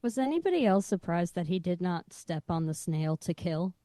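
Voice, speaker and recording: A woman's voice: lowish voice, sing-song, moderate pace, dark tone, dry recording, clean studio sound. A woman guest on a podcast, chatting casually and asking wry questions. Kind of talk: casual discussion.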